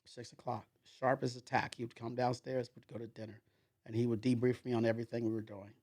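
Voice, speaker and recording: A man's voice: medium pitch, flat delivery, fast talker, darkish tone. A man being interviewed as a podcast guest, telling a story in a rambling way, with many repeated fillers and restarts.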